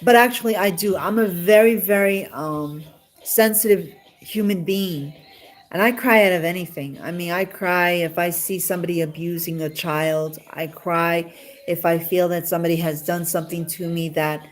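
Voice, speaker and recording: A woman's voice: on the low side, fairly even intonation, normal speed. A woman chatting casually on a live stream, talking straight to a viewer and asking the same questions again and again in a rambling, emotional way.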